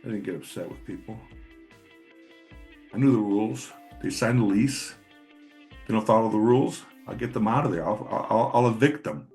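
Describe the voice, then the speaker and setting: A man's voice: fairly low pitch, normal speed, long pauses, a little mellow, faint music behind. A middle-aged man in a casual personal monologue, blunt and profane, rambling with repeated words. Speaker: channel host.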